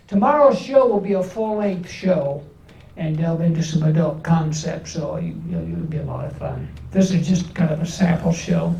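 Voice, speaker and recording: An older man doing a stand-up comedy set, delivering one-liners with pauses before each punchline. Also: sits high, lively intonation, warm tone. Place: large indoor event hall. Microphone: distant camera from the back of the room. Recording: echoey hall, from far off.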